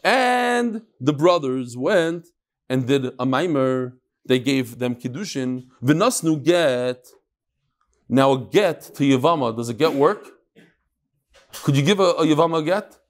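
Animated man teaching a Talmud class. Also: measured pace. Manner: explains in English, mixing in Hebrew and Aramaic terms; animated, with sudden swings up and down in pitch. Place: study hall.

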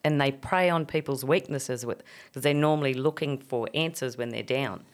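A woman's voice: extremely low pitch, normal speed. A woman hosting a casual interview, teasing and swearing lightly as she talks. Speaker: host.

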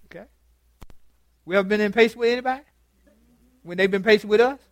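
A man's voice: high-pitched, fast, dry recording. A man, a pastor preaching in a chatty, joking way, often stammering and repeating words as he quizzes his congregation in a church meeting room. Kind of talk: conversational sermon with open dialogue.

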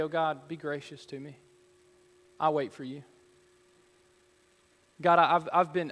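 A fairly high-voiced man preaching in a church sanctuary. He speaks earnestly and builds to fervent, pleading prayer. His voice rings with a long hall reverb. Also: a bit bright. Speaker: pastor. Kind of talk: sermon.

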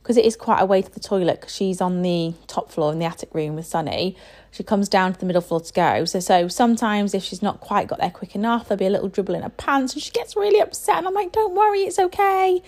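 A woman's voice: medium pitch, animated, quick pace, a little mellow. A woman in her thirties, a parent chatting casually and rambling with lots of fillers. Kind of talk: casual chat.

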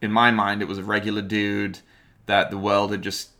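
A man's voice: on the low side, flat delivery, normal speed, bright, forceful tone. A man co-hosting a casual movie review podcast, teasing his co-host and keeping time.

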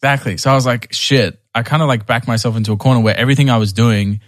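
A man's voice: medium pitch, fairly even intonation, quick pace, no echo, clean studio sound. Rambling young man telling a story. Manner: rambling, many restarts and fillers. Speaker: podcast guest. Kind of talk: casual storytelling conversation.

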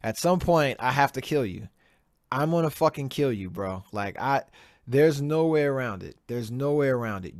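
A man with a medium-pitched, somewhat dark voice rants solo on his own podcast, close to a desk mic with no room sound. He swears heavily and repeats himself as he gets more heated. His video shows a virtual background.

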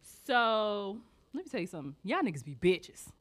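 Brief: woman co-host, lively swooping pitch, blunt and profane, podcast rant. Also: moderate pace. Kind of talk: casual chat.

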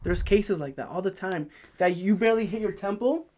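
A man's voice: high-pitched, fairly quick, darkish tone. A man co-hosting a casual podcast, mixing Spanish slang into his English and sounding anxious. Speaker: podcast co-host. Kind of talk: casual chat.

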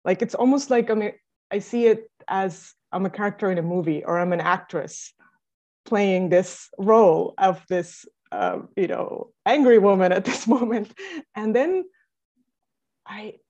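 Animated woman on muffled audio. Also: medium pitch, a little slow. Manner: animated storytelling, laughs often. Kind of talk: reflective casual conversation.

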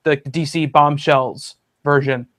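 A man's voice: a little high, steady tone, slow pace, a bit bright. A man hosting a casual podcast chat about comic books, talking in a rambling way with many fillers and restarts. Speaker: podcast host.

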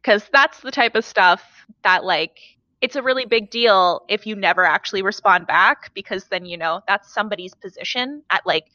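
A woman chatting casually, retelling stories with lively acted-out replies. Her voice is bright and forceful. The sound is dry and close, a little dull and lo-fi. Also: medium pitch, moderate pace, dry recording. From foreigner living in Korea. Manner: animated storytelling, acts out quoted replies. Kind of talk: casual chat.

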